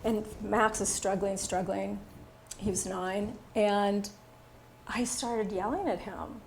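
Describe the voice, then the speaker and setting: A woman's voice: medium pitch, slow, creaky, slight background noise. A woman in her sixties who leads a workshop and speaks in a casual, candid way, telling personal stories with plenty of fillers. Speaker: workshop instructor.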